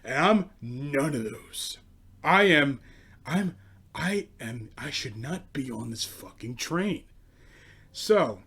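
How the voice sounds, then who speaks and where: A twenty-year-old man ranting through a story in a casual, profane, exasperated way. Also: on the high side. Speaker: host.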